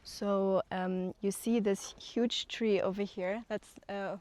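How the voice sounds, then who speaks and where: A woman's voice: mid-range voice, fairly even intonation, slow pace, a little mellow. A woman co-founder giving an outdoor walking tour, talking with enthusiasm and many fillers. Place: outdoors on hillside land.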